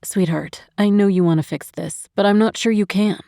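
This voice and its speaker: A woman voicing a gentle, caring man in an audiobook, speaking softly and reassuringly. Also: mid-range voice, steady tone, moderate pace, gravelly, no echo, clean studio sound, close to an everyday voice. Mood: gentle, concerned. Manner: soft, reassuring. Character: gentle, caring grown man, a devoted partner. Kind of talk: audiobook narration.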